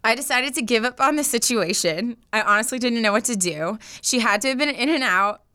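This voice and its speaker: A young woman with a bright, slightly high voice co-hosts a chatty podcast, reading a listener's story aloud with lots of animation and laughter. The sound is dry and close, with no room around it. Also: animated, brisk, clean tone, no room sound. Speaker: podcast co-host.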